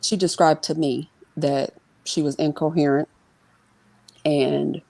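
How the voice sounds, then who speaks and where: Gravelly low-voiced woman telling a story. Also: steady tone, warm tone, no echo. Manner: quick storytelling with many fillers and restarts; voices others in her retelling. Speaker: interview guest. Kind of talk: emotional personal account in an interview.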